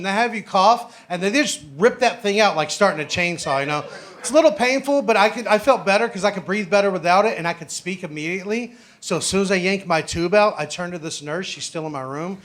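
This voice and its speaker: A man's voice: sits high, fast talker, fairly bright tone. A man doing a stand-up set in a comedy club, telling a story loosely and building to exasperated punchlines.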